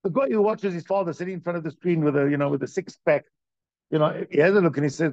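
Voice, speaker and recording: A man's voice: fairly high pitch, quick pace, a little mellow, dry recording. A man giving a conversational religious lecture, telling stories and putting questions straight to his listeners. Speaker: teacher of a Jewish religious class. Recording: dry, dull lo-fi recording.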